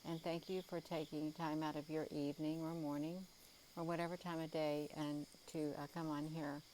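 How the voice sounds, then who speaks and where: A woman's voice: deep voice, level tone, normal speed, darkish tone, slight background noise, poor audio. A tired woman chatting live outdoors at night, rambling with many ums and calling her viewers "you all". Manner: rambling, full of ums and uhs. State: tired, yawning. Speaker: livestream host. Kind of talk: casual live sky-watching chat.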